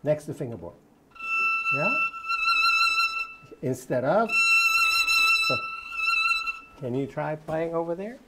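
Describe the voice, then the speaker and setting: Brief: low-voiced woman violin teacher, unhurried and encouraging, with violin playing behind her. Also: animated, loud music behind the voice. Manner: encouraging, short coaching phrases; hums and sings phrases to demonstrate. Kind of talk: masterclass coaching.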